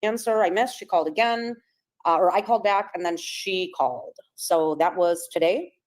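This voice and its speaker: A woman in a played clip, calmly and deliberately laying out details of phone calls. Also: lowish voice. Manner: deliberate, matter-of-fact.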